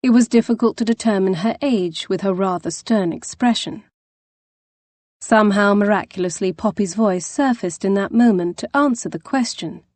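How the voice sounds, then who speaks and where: A woman narrating a historical romance audiobook in an even, measured storytelling voice. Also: mid-range voice, dry recording. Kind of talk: scripted narration.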